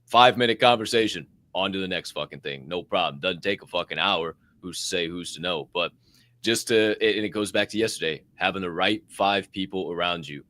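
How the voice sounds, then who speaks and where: A man's voice: low-pitched, a little fast, pushed and bright. A man co-hosting a motivational podcast, swearing freely and talking in a hyped-up way. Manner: profane, hyped, acts out quoted voices. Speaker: podcast co-host. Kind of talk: motivational casual chat.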